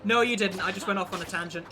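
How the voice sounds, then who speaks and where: A young man from the UK, chatting casually and bluntly while streaming a game, rambling and swearing freely. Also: high-pitched. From United Kingdom. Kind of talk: casual chat while gaming. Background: game music.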